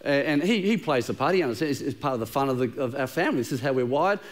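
A man's voice: mid-range voice, expressive, racing. A middle-aged man preaching a sermon to a congregation, conversational and humorous, often repeating words as he goes. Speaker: pastor. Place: church auditorium with a live congregation.

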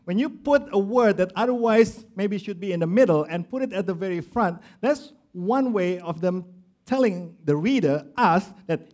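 A man preaching a sermon, building to loud emphatic lines and then dropping low and quiet to stress a point. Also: expressive, moderate pace. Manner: acts out quoted voices of grumblers and of Jesus. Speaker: pastor.

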